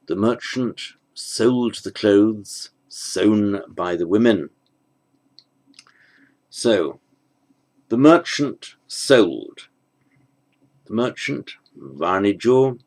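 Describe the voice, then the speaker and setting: A man with a low, gravelly voice explains grammar step by step. He speaks slowly and deliberately, pausing to think aloud as he works through each exercise. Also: expressive, a little mellow. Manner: slow, methodical, thinking aloud with pauses. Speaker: language teacher. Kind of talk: spoken grammar lesson.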